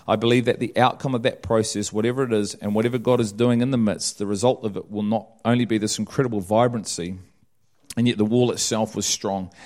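Male pastor, mid-pitched voice, sermon delivery that swells from calm recounting to loud, stretched-out lines. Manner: builds from calm recounting to loud, drawn-out preaching.

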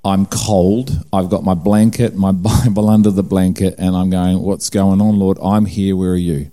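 A middle-aged preacher with a New Zealand accent gives a personal testimony sermon in a low, steady, dark-toned voice at a moderate pace. He tells his story with acted-out dialogue and humor that pokes fun at himself.

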